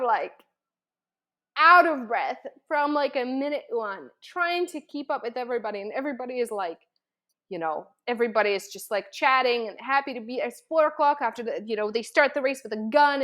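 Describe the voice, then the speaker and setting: Animated woman telling a story. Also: on the high side. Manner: animated, many fillers, acts out her own past thoughts. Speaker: vlogger. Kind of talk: casual storytelling to camera.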